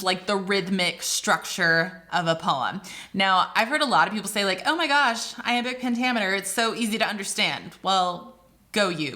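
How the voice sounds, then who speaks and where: Woman, American accent, teacher, bright tone, casual chatty explaining, video lesson. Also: mid-range voice. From United States. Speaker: literature teacher.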